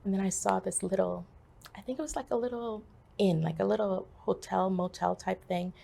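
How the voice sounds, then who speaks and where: A woman telling a personal story as an interview guest, halting and full of pauses and fillers. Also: mid-range voice, creaky, warm tone. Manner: halting, with many fillers and restarts.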